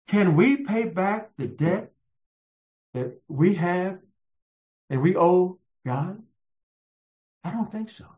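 A man preaching a sermon in a slow, emphatic storytelling manner. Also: mellow. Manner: slow, emphatic storytelling with raised-pitch quotes. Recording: echoey, muffled room sound.

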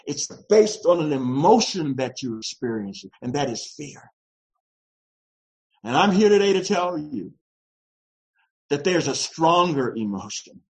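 A pastor delivering a sermon in a slow, emphatic style that swells into shouts. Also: medium pitch, big pitch swings, rough recording.

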